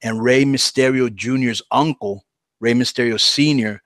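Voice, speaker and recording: Animated man telling a story. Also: medium pitch, normal speed, no room sound. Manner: animated, acts out quoted voices. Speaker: podcast guest. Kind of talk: casual storytelling.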